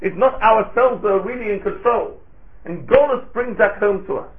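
Guy giving a sermon, kinda high voice, sounds like it's over a phone line, chants the hebrew bits. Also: moderate pace. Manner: rhetorical questions and Hebrew phrases in a chanting lilt. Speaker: rabbi giving a Torah talk. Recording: tinny phone-like recording.

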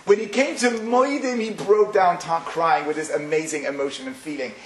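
Animated man telling a religious story. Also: on the high side, normal speed. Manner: animated storyteller, many fillers. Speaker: speaker giving a religious talk. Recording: roomy with faint hiss.

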